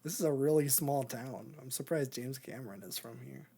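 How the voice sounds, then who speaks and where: A podcast co-host with a medium-pitched, warm, slightly rough voice talks a little fast. He rambles through casual chat, cracking jokes and laughing often.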